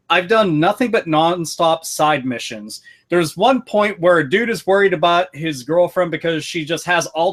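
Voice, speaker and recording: A man hosting a podcast, telling excitable, profane stories in casual chat. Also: on the high side. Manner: profane, excitable storytelling with frequent swearing. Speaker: podcast host reviewing a video game.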